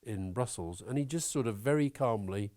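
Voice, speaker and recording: A man talking as an interview guest, opinionated and animated, swearing now and then. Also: mid-range voice, moderate pace. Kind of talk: conversational interview.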